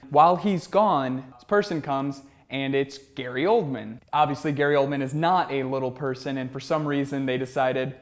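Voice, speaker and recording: A man's voice: mid-range voice, normal speed, few pauses. A young man in his twenties hosting a comedic film review, talking in a sarcastic, incredulous way. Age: 20s.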